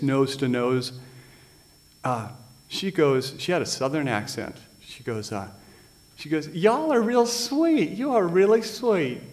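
Wry middle-aged man telling stories. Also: mid-range voice. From United States (Washington State). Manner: dry, wry storytelling with deadpan punchlines. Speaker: author. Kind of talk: reading and storytelling at a live literary event.

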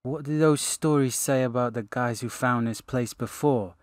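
A man's voice: medium pitch, moderate pace, no room sound, studio quality, voice pushed up, lightly acted. A man voicing an uneasy young male adventurer in an audiobook. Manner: uneasy, questioning.

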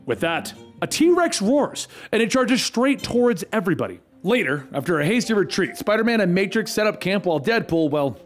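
A man narrating a comic book story recap with brisk, animated storytelling. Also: high voice, faint music behind.

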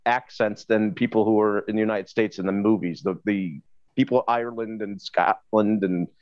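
A man of middle pitch chatting casually and rambling through stories, often restarting his sentences. His voice sounds dull and muffled, and the recording is dry, with no room echo. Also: steady tone, normal speed, a little mellow. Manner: rambling, restarts and loose anecdotes. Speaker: co-host on a live stream. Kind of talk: casual chat.

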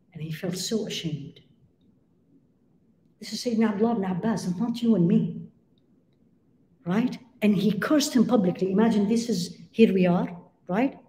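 Female lecturer, mellow tone, emphatic teaching style, echoey hall. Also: mid-range voice, a little hiss or hum. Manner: emphatic, rhetorical questions, cites Arabic phrases. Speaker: Islamic lecturer. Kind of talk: religious lecture to a live audience. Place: lecture room with audience.

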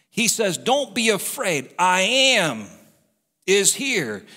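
A man's voice: high voice, pushed and bright. A male pastor preaching a sermon in an impassioned way, pressing the congregation again and again. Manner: impassioned, repetitive exhortations, talks straight to the congregation. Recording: church hall reverb.

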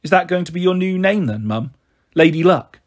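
A man's voice: high voice, animated, fairly quick. A man voicing an eager young girl who is earnest and bossy with her little brother. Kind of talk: audiobook character voice.

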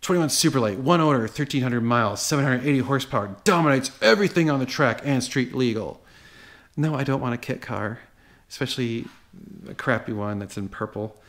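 Man, car dealer, sarcastic, exasperated, blunt, medium pitch. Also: fairly quick, a bit bright. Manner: blunt and dismissive. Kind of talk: reading and reacting to buyer messages.

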